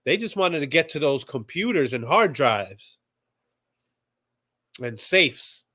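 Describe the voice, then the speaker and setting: A man's voice: medium pitch, lively intonation, slow pace, long pauses, bright, forceful tone. A man hosting a casual commentary show, talking emphatically. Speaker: podcast host. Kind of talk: casual commentary on archive audio.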